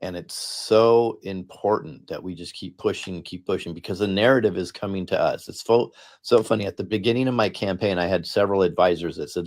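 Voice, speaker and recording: Speaking briskly with few pauses, a deep-voiced, middle-aged political candidate addresses a panel as a guest speaker. The talk is impassioned, and he stays earnest and emphatic, frequently repeating words to drive his points home.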